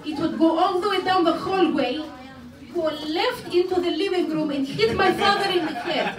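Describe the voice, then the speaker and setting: A woman's voice: very high-pitched, normal speed, far from the mic. Woman playing a brash older Greek auntie with a Greek accent. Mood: bawdy. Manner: broken grammar, bawdy, theatrical, cackling. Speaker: stand-up comic. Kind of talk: character stand-up comedy. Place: pub stage at a variety show. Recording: echoey pub mic heard from afar, crowd laughter. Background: audience laughing.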